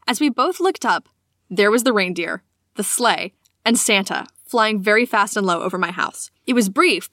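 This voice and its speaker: Giggly, high-voiced woman podcast host. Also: no room sound, clean studio sound. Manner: giggly, animated storyteller. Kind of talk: casual podcast chat, reading listener stories aloud.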